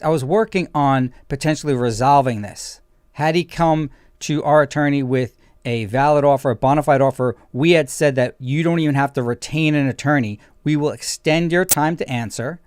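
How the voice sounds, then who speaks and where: A man's voice: medium pitch, clean tone, no room sound. Emphatic male attorney host, dry close sound. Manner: emphatic, explanatory. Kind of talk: legal commentary talk show.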